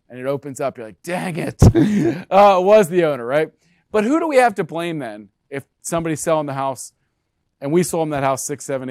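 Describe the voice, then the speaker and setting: Male presenter, lively sales talk to agents, slightly high pitch, dry recording. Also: dry recording. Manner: energetic, talks to the room with frequent "right?". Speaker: brokerage presenter.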